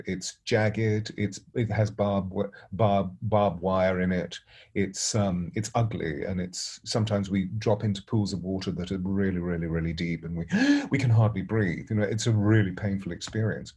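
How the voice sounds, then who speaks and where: A middle-aged man, a spiritual teacher, telling a story gently and unhurriedly, pausing and restarting often. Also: low-pitched, steady tone, slightly rough. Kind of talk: reflective storytelling.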